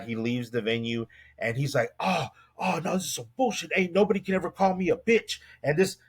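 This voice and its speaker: A man co-hosting a laid-back podcast, retelling a news story in a rambling, swear-heavy way. He acts out quoted lines as he goes. His voice sits at an ordinary, mid-range pitch. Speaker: podcast co-host. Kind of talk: casual news-roundup chat.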